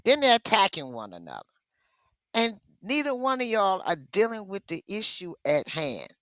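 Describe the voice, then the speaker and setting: Woman streamer, animated and emotional, chatting with viewers; bright voice, dry close sound. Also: mid-range voice, moderate pace, no echo. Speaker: live stream host reading chat. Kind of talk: casual live stream chat.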